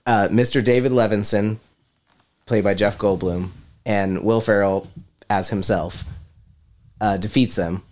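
A man's voice: fairly low pitch, fairly even intonation, unhurried, long pauses, darkish tone. A man hosting a casual podcast chat, joking and rambling with frequent restarts. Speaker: podcast host.

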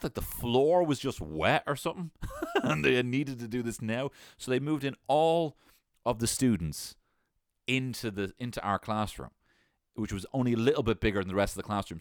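In clean studio sound with no room echo, a young man with a mid-range voice casually recounts a funny childhood story. He's animated, swears freely and keeps cracking up laughing.

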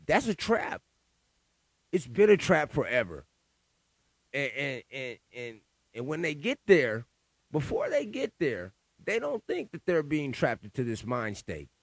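A man's voice: fairly high pitch, huge pitch swings, a little slow, dry recording. An older man hosting his own podcast, rambling freely in a profane, self-mocking, philosophizing way. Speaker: podcast host. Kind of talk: rambling casual monologue. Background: guitar music.

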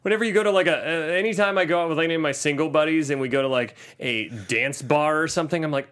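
A man co-hosting a casual chat podcast, animated and jokey, sometimes slipping into silly voices. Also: a little high, fast, hardly any pauses. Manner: animated, puts on silly voices when quoting. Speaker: podcast co-host.

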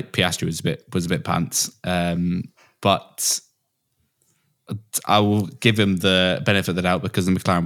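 A man's voice: low voice, a bit bright. A man co-hosting a casual sports podcast, talking in a jokey, chatty way. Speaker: podcast co-host. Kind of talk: casual chat.

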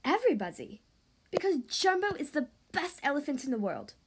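A woman voicing an anxious, excitable king in a storybook read-aloud, speaking in a raised, pleading, worried way. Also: high-pitched, brisk, background noise.

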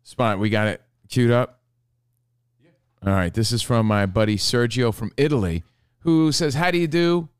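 A man's voice: medium pitch, moderate pace, clear, resonant tone, no room sound. A man hosting a casual sports talk show, laid-back and sure of his opinions.

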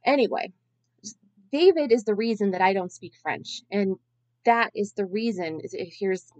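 A woman's voice: mid-range voice, animated, moderate pace, a little mellow, dry recording. Woman podcast host, thirties, chatty and long-winded, self-deprecating, close dry mic. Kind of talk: casual solo podcast storytelling.

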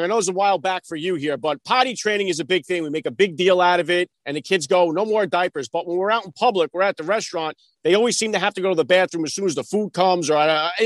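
A man's voice: sits high, dry recording. A man hosting a podcast, asking long, chatty, rambling questions. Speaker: podcast host. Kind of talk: interview questions.

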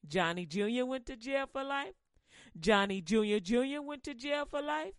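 A woman preaching a casual sermon in slang, animated and quick to laugh. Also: sits high, no echo.

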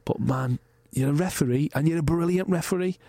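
A man's voice: a little high, fairly quick, mellow, no echo, clean studio sound. A man, hosting a podcast and rambling through a story in a frank way, swearing freely. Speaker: podcast host. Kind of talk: casual chat.

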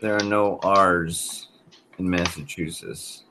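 A man's voice: deep voice, sharp tone, a little hiss or hum. A middle-aged man hosting a podcast, joking around and swearing casually. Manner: joking, slow and drawn-out, salty language. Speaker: podcast host. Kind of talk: casual chat.

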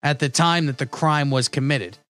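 Host type: young man, a bit high-pitched, joking, reads stories aloud in loose banter. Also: normal speed, fairly bright tone. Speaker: podcast host running a crime guessing game. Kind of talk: casual comedic chat.

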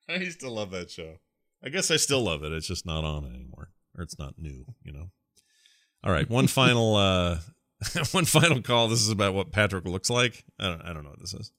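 A man hosting a podcast, chatting casually, relaxed and rambling with easy laughs. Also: deep voice, moderate pace, no echo, clean studio sound. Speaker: podcast host.

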